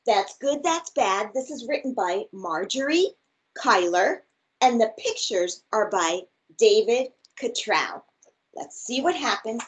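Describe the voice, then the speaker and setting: High, lively woman reading to kids. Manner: animated, teacherly, with playful sound effects. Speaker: children's read-aloud host. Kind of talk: storytime read-aloud.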